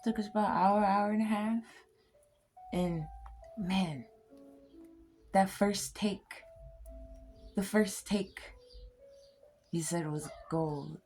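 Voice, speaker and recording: A woman's voice: mid-range voice, fairly even intonation, slow, long pauses, darkish tone, soft background music. A woman host telling stories in a casual chat. She giggles often, swears freely and drops into whispers now and then. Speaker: poet and podcast host.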